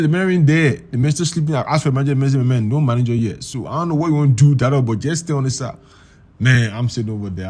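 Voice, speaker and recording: A young man telling a story in a casual, animated way, repeating words and acting out the voices of the people in it. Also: medium pitch. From Liberia.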